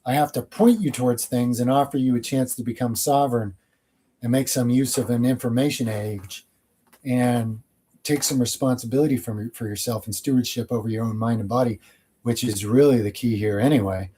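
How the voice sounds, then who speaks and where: A man talks through viewer questions on his own channel in a loose, rambling way. He is blunt and opinionated, and his voice has a soft, mellow warmth in a middling register. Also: mid-range voice, moderate pace, slight background noise. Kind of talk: casual Q&A monologue.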